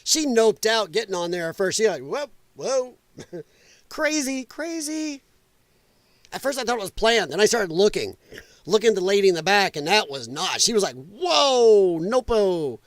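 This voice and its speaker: Blunt high-voiced man streaming. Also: sing-song, moderate pace, fairly bright tone, no room sound. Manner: loose, blunt, laughs at clips. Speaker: livestream host. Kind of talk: casual livestream commentary.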